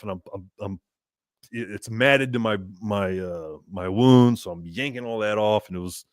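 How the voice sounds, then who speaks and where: A man's voice: mid-range voice, no echo, studio quality. A man telling a road-trip story on a podcast, laughing often and acting out both sides of the conversation. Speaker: podcast guest. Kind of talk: casual storytelling.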